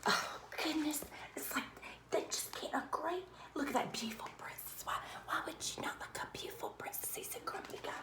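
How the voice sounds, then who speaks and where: A woman's voice: high-pitched, brisk. A woman reading a children's picture book aloud, gushing and dropping to whispers. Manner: gushing, drops to whispers to the audience. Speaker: children's story reader. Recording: echoey room.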